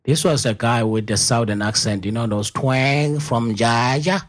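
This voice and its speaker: South African host, Zulu first language, rambling chatty storyteller, mid-pitched. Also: male voice, a little slow. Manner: rambling storyteller who laughs easily and uses many fillers. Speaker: podcast host. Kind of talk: casual conversational interview.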